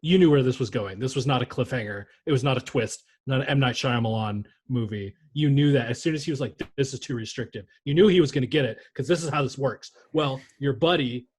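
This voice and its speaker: A man with a husky, slightly breathy voice rambles through sports news on a podcast. He jokes and swears freely in a loose, casual chat. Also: medium pitch, quick pace, few pauses, a little mellow. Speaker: podcast co-host.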